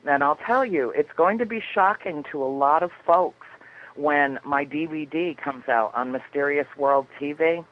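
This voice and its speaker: A woman's voice: deep voice, moderate pace, phone-quality sound. A woman guest on a radio talk show, chatting in an effusive, dramatic storytelling way. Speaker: guest author.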